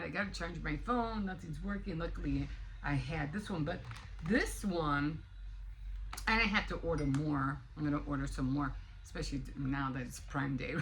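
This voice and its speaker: Older American woman, casual vlog chatter, bright tone, faint room hum behind. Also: on the low side. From United States. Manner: rambling, animated, rising to indignant. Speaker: vlogger. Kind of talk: casual morning chat to camera.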